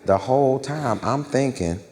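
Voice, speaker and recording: A man's voice: mid-range voice, animated, measured pace, darkish tone, in a large hall, a little hiss or hum. A male stand-up comedian telling a story on stage, loose and slangy, checking in with the crowd.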